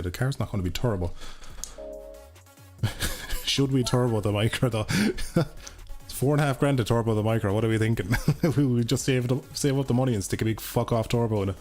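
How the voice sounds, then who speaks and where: A man's voice: lowish voice, a little mellow. A young Irish man chatting casually and swearing freely to his viewers while he plays a racing game live. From Ireland. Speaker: gaming streamer. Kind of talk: casual live-stream commentary while playing. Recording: game music and engine sounds behind. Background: racing game music and car engines.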